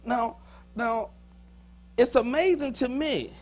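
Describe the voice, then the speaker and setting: Husky-voiced preaching man in church. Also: extremely high pitch, slow. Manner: emphatic preaching with call-and-response, repeats lines for emphasis. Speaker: pastor. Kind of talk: sermon. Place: church sanctuary.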